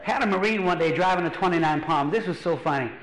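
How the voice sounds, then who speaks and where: A man from Louisiana, a pastor doing stand-up comedy as an animated storyteller who acts out voices. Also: sits high, quick pace. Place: church hall. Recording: echoey hall.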